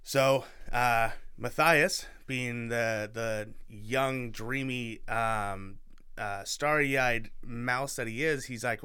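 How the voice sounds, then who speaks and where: A man's voice: medium pitch, slow pace, bright, forceful tone, clean tone. A young man co-hosting a podcast, casually retelling a book with lots of fillers and restarts. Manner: rambling, filler-heavy storytelling. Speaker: podcast co-host.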